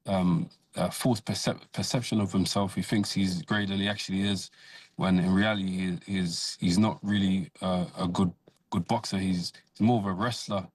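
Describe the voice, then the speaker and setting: A man, a professional boxer, answering radio interview questions in a measured, hesitant way with many fillers. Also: lowish voice, no echo.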